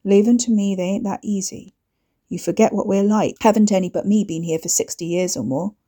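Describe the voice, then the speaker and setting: A woman's voice: mid-range voice, a little fast, dark tone, lightly acted. A woman reading aloud and voicing a wry, tough young man who talks slangy and blunt. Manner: casual, slangy speech.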